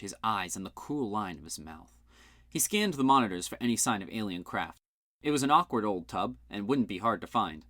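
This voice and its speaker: A man narrates a fan-made science fiction audiobook, his pitch rising and falling widely as he reads. He reads expressively, leaning into the story's action. The recording is dry, with no room echo. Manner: expressive, voices the characters with shouts and big pitch jumps. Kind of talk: fan-made audiobook reading with character voices.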